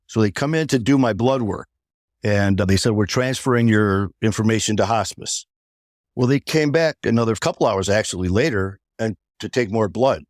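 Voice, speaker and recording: Man, low voice, podcast guest, personal storytelling, acts out quoted dialogue, dry sound. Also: no echo. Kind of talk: personal recovery story in an interview.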